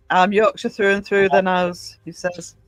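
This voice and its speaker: A woman's voice: mid-range voice, dry recording, low-quality recording. A woman from Northumberland hosting a livestream, chatting casually and reading out viewers' comments. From Northumberland, England. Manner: chatty, reads chat comments aloud. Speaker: livestream host. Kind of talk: casual chat with live viewers.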